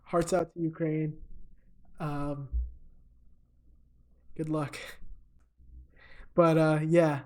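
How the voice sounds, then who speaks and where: A man's voice: a little high, flat delivery, drawn-out words, pauses often, a little mellow. A man co-hosting a comedy podcast, recapping a movie in a rambling, casual way with lots of fillers. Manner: rambling, filler-heavy storytelling. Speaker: podcast co-host.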